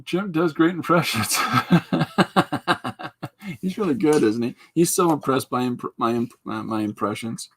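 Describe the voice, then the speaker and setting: A man with a husky, slightly breathy voice hosts a relaxed livestream. He chats casually while drawing, greets viewers and reads their comments back. He chuckles at his own jokes. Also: a little high, slow. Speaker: podcast host.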